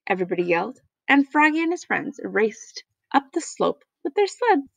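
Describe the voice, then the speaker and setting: A woman reading a children's picture book aloud, animated and playful, with sound effects. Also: high-pitched, moderate pace, vocal fry, hardly any pauses, dry recording. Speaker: storybook reader.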